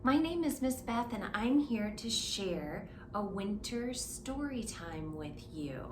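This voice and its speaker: Woman, librarian, children's story time, reads aloud very slowly, asks children questions, echoey room. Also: medium pitch, lively intonation, slight background noise.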